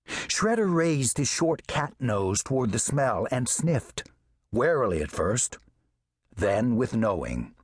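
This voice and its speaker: Husky, expressive man reading a story. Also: medium pitch, slow, dry recording, clean studio sound. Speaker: audiobook narrator. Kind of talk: scripted narration.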